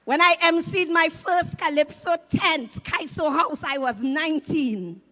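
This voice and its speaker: A woman in her fifties with a Trinidadian accent, doing loud, animated stand-up comedy on a live stage. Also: sits high, a little slow. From Trinidad and Tobago. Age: 50s. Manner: loud, animated, shouting punchlines.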